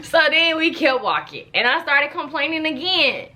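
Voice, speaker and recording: Young woman vlogger, bright-pitched and very lively, playful storyteller. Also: moderate pace. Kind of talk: casual vlog chat.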